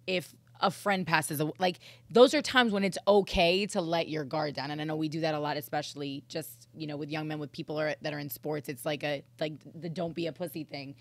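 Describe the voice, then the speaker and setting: A woman's voice: low-pitched, fairly even intonation, a little fast, no echo. A woman co-hosting a podcast, talking frankly and casually with plenty of fillers. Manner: chatty, frank, many "like" fillers. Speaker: podcast co-host.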